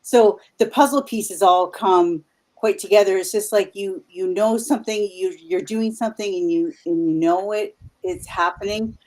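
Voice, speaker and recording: A woman's voice: mid-range voice, normal speed, a little mellow. A Canadian woman in her fifties, a paranormal investigator guest, telling stories in a rambling, casual way with many restarts. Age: 50s. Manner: rambling, full of restarts and asides. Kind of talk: casual chat.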